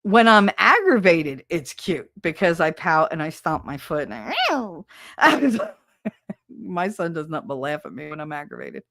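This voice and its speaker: A woman's voice: low-pitched, very animated, moderate pace, creaky, a bit bright, no echo, clean studio sound. A middle-aged woman hosting a livestream, chatting casually and laughing as she tells stories and acts out quotes. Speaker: livestream host. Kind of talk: casual chat, reading out viewer comments.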